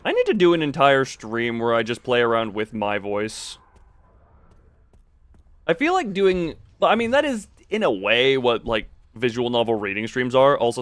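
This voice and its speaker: A game streamer chatting casually with viewers while playing, laughing often and playing around with the pitch of their voice. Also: no echo. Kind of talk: casual livestream chat while gaming.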